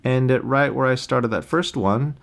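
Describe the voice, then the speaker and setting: A man teaching how to use music recording software in a plain, practical screen-recorded tutorial, recorded on a USB interface mic. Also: medium pitch, normal speed, creaky, very noisy. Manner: plain, practical explaining with sung beep demos.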